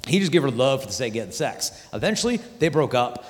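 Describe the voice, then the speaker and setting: A man giving a youth conference talk, animated and acting out voices of the people in his stories. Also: mid-range voice, fast. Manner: animated, acts out quoted voices. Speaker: Catholic speaker. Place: large conference hall. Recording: hall reverb from a large venue.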